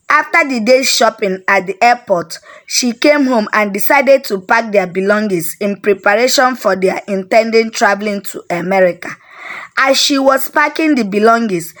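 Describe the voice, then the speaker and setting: A woman with a Nigerian accent telling a story aloud. Her voice sits fairly high, and she reads in a steady, plain narrating manner.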